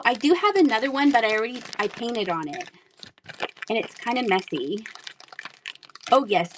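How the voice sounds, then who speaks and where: Bubbly woman selling live, lively voice. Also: medium pitch, gravelly, slight background noise. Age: 30s. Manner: bubbly, laughs often, chats with viewers. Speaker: live auction seller. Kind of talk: casual live-stream selling chat.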